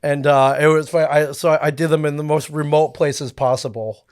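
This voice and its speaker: A man's voice: on the high side, steady tone, normal speed, smooth, no echo. Hesitant male guest with dry sound. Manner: hesitant, many fillers and restarts. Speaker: podcast guest. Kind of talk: casual chat.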